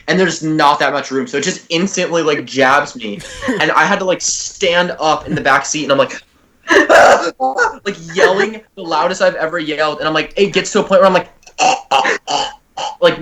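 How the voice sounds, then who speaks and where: A man's voice: on the high side, bright, forceful tone. A young man, a podcast co-host, telling stories in a loose, swearing chat between laughs. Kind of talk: casual chat.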